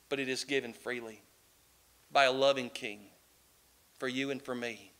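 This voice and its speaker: A man's voice: mid-range voice, moderate pace, long pauses, pushed and bright. A man preaching a sermon as pastor, impassioned, with a repeating cadence.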